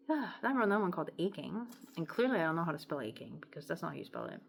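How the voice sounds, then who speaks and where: A woman's voice: on the low side, lively intonation, fast, vocal fry, few pauses, slight background noise. A woman talking casually to camera about her songwriting and reading her own lyrics aloud, rambling and chatty, with an itchy throat. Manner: rambling and chatty, heavy use of "like", softening into murmurs when emotional. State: throat itching.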